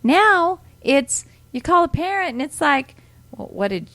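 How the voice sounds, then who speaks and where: A woman's voice: high-pitched, sing-song, a little slow, fairly bright tone, dry recording. A woman co-hosting a casual podcast, who works as a teacher, giving short replies and laughing easily. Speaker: podcast co-host.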